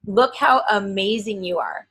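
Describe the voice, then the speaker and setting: A woman's voice: medium pitch, a little slow, a bit bright, breathy edge, poor audio. A woman speaking as a male spirit guide she channels, delivering a stern blessing in a solemn preaching cadence.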